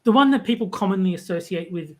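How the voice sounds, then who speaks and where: Relaxed speaker from Australia, middle pitch, easy chat. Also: fast. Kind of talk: casual online group chat.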